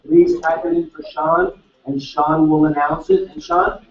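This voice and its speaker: Energetic male seminar speaker in echoey hall. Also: on the high side, creaky. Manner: energetic, quizzing the audience with quick questions. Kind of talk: live seminar talk. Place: large seminar room with live audience. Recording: echoey hall, distant mic, dull sound.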